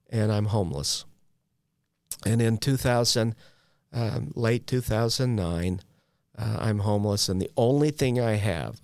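A man's voice: on the low side, a little mellow, dry recording. A man in his forties, a guest telling his recovery story in a frank, self-deprecating way with wry humor and slangy asides. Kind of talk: candid personal storytelling.

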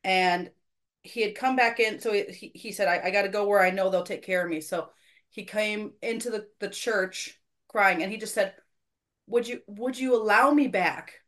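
Casual podcast host: a woman sharing a church story, earnest, a bit self-mocking, mid-pitched. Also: moderate pace, fairly bright tone. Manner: earnest, self-deprecating, quotes people in her story. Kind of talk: casual faith conversation, storytelling.

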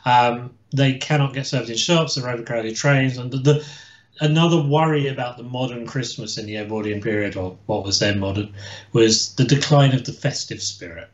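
Man, casual history co-host, halting speech, roomy echo, dull lo-fi sound. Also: medium pitch. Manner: hesitant, many fillers and restarts. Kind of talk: casual chat about history. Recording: echoey room, dull lo-fi sound.

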